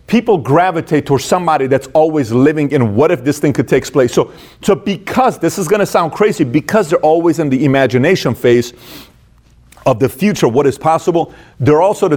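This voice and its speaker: A man's voice: a little high, darkish tone. A man hosting a motivational business talk, speaking emphatically, repeating phrases and acting out people's inner dialogue. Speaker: host.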